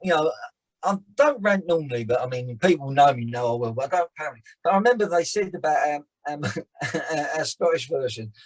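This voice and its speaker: A man, an actor and director telling stories in a rambling, animated way as a podcast guest. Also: on the high side, a little fast, rough recording. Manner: animated storyteller, rambling restarts. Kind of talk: casual chat.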